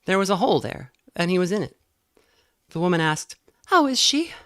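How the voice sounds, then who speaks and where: A woman reading a novel aloud in a measured way, now and then stumbling and correcting herself. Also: lowish voice, no room sound, studio quality. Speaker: reader.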